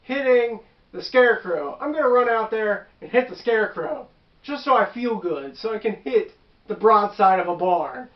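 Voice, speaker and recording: A man's voice: high-pitched, expressive, moderate pace, echoey room, lo-fi sound, voice pushed up. A man voicing his friend's frustrated, hotheaded young fighter character in pleading outbursts.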